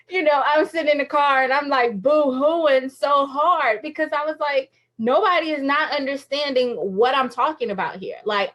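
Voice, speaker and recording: A woman's voice: high voice, fairly bright tone, highs cut off. A woman in her thirties giving a candid, emotional inspirational talk on a phone livestream, often laughing as she confides. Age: 30s. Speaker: faith livestream speaker.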